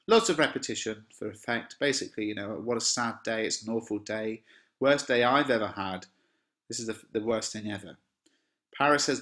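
A man's voice: fairly low pitch, normal speed, fairly bright tone. A man from England teaching a lesson on a play, reading lines dramatically and then explaining them in casual plain words. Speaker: English teacher.

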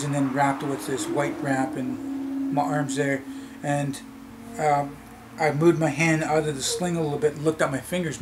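A man from Canada, telling a childhood story in a vlog, in a halting, rambling way with many fillers and restarts. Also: on the high side, background noise. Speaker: vlogger. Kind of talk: casual storytelling. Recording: loud music behind the voice.

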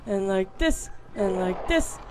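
A woman's voice: medium pitch, expressive, slow, dark tone, a little hiss or hum. A woman commenting as she plays a horror game, swearing a lot and sounding jumpy and exasperated. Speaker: gaming video creator. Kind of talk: let's play commentary.

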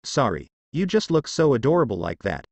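A man voicing a calm, nonchalant young male warrior hero. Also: medium pitch, a little fast, no echo.

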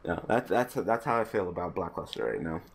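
A man's voice: deep voice, animated, fairly quick, gravelly, breathy edge. A man giving casual, mumbled commentary while playing an online card game, swearing and getting exasperated with his opponent. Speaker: gaming YouTuber.

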